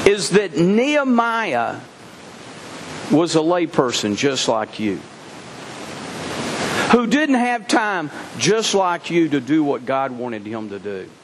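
Guy preaching a sermon, high voice that swings all over, long hall echo. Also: a little hiss or hum. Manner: animated storytelling, repeats words when restarting.

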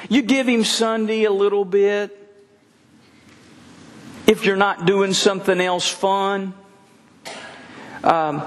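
A man's voice: high voice, a bit bright. A middle-aged man preaching a sermon to a church congregation, earnest and often repeating words for emphasis. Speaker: pastor. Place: church service. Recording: long hall reverb.

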